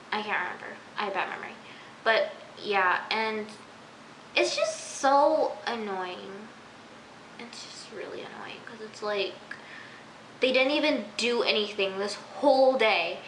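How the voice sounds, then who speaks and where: Exasperated rambling teen girl, bright voice. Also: fairly high pitch, slight background noise. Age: teens. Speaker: TV episode reviewer. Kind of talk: casual recap vlog. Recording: echoey room.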